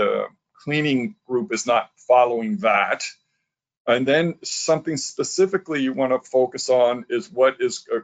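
A man talks through practical advice on an online webinar, pausing often and restarting his sentences. His voice sits at a middle pitch and comes through dull, lo-fi call audio. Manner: hesitant, many fillers and restarts. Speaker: webinar speaker. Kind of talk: webinar talk.

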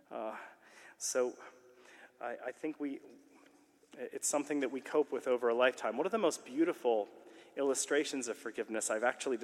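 A man giving a sermon-like conference talk, earnest and animated as he tells a story. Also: medium pitch. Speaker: conference speaker. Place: large conference hall. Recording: long reverb of a large hall.

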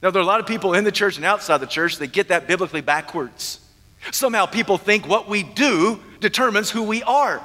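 High, bright preacher in a hall. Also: male voice. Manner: emphatic preaching with repetition and drawn-out stresses. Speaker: minister. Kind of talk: sermon.

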